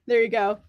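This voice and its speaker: A woman's voice: no echo, clean studio sound. A young woman chatting casually on a live stream about books, laughing often and speaking bluntly. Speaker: book streamer answering chat.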